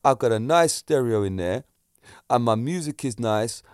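A man's voice: mid-range voice, moderate pace, clean tone, no echo, clean studio sound. A middle-aged man, a kickboxing instructor, telling a story casually to camera and acting out the voices in it. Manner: animated, acts out voices in his stories.

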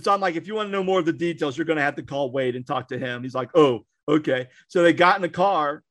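Man, storytelling podcast co-host, lively and chatty, voice on the higher side. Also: fast. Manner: animated storyteller, acts out quotes, frequent restarts. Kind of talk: casual storytelling chat.

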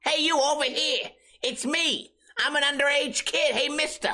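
A man's voice: extremely high pitch, fairly even intonation, normal speed, pushed and bright, voice pushed up, exaggerated voice. A man putting on the voice of a polite old-timey underage boy who pleads with a stranger to buy him beer. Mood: pleading. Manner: pleading, overly polite, sing-song.

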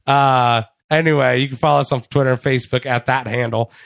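A man's voice: mid-range voice, steady tone, brisk, vocal fry, a bit bright, dry recording, clean studio sound. A man co-hosting a casual wrestling podcast, laid-back and joking, swearing freely. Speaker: podcast co-host.

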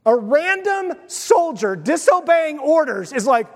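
A man preaches a sermon in a high, lifted voice, telling the story with lively asides and quick acted-out lines. His words ring out with a long hall reverb, as in a church sanctuary. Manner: animated storytelling, acts out voices. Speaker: pastor.

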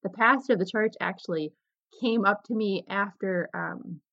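A young adult woman hosting a podcast, telling a personal story in an animated, candid way. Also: mid-range voice, moderate pace, gravelly. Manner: animated, candid, slips into quoted voices. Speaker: podcast host. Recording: slightly dull lo-fi recording.

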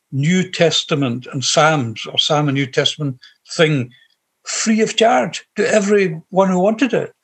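Earnest Glaswegian man, fairly high voice. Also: a bit bright, husky. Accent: Glaswegian Scottish. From Scotland. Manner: earnest, heartfelt, rambling with restarts. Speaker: guest sharing his faith testimony. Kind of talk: personal testimony in conversation.

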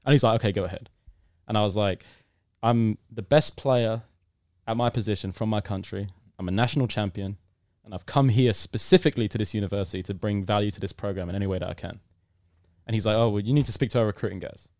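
A man's voice: fairly low pitch, fast talker, dry recording, clean studio sound. A young man from the United Kingdom, telling a long story in a casual interview and acting out the people in it. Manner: animated storyteller, acts out quotes, bursts into loud excitement. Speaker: podcast guest.

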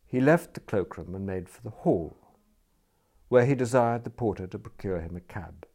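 Expressive male audiobook narrator. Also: fairly low pitch, normal speed, slightly rough. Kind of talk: audiobook reading.

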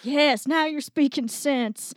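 A woman's voice: high-pitched, no echo, studio quality. A woman playing a touchy, paranoid show guest. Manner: defensive, blunt, quick to take offense. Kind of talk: improvised comedy role-play.

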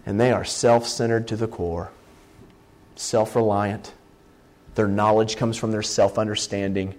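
A middle-aged man preaching a sermon, animated and exclaiming, acting out the scenes he describes. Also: lowish voice, measured pace.

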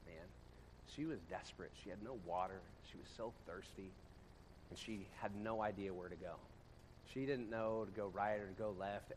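This is a man preaching in a church room, a pastor spinning stories for his congregation in an easygoing, chatty way. His volume rises into loud bursts and drops into soft, low passages, and a faint hiss or hum sits under the audio.

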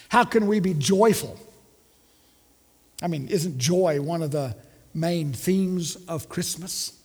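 A man's voice: high-pitched, darkish tone, long reverb tail. A man preaching a Christmas sermon as pastor, asking many rhetorical questions and leading the congregation in call-and-response. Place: church sanctuary.

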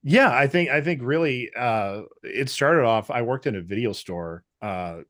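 A man in casual podcast chat, telling animated stories and slipping into character voices. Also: mid-range voice, measured pace, dry recording, clean studio sound. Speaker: podcast guest.

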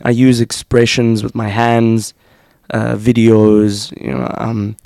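A man's voice: medium pitch, little pitch movement, slow pace, vocal fry, darkish tone, no echo, clean studio sound. A South African man chatting casually on a podcast, laughing often and restarting his sentences. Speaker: teaching fellow, podcast guest. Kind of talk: casual chat.

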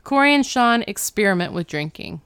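A woman's voice: mid-range voice, lively intonation, a little fast, fairly bright tone, clear, resonant tone, no echo, studio quality. A young adult woman co-hosting a podcast, chatting casually and retelling TV scenes in quoted voices. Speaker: podcast co-host. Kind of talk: casual chat recapping a TV episode.

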